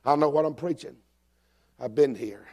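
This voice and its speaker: A middle-aged man, a pastor preaching a sermon who swings from shouted, climbing lines to low, confessional talk. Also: moderate pace.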